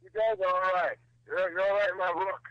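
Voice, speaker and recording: A man putting on a brash tough-guy wrestler, high-pitched, dry close phone voice, teasing drawl. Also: steady tone, fairly quick, no echo, dull audio, close to an everyday voice. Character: gruff tough-guy wrestling star calling in, male middle-aged. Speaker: caller. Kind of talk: prank phone call impression.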